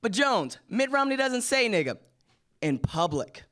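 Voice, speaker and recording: A man's voice: very high-pitched, big pitch swings, a little slow, bright, forceful tone. A young man doing a stand-up set on a live studio stage, chatty and casual, slipping into slangy impressions of his friends. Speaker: stand-up comedian.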